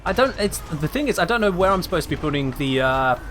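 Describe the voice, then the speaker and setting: Over loud game music, a man chats with his live-stream viewers while gaming, thinking out loud and asking again and again how a name should be pronounced. His voice is a little high, expressive, and quick.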